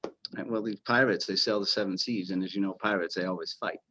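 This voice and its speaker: A man in a casual chat, slowly telling old jokes with halting fillers and restarts. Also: low-pitched, fairly even intonation, pushed and bright. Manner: halting, with repeated words and fillers. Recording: dull lo-fi sound.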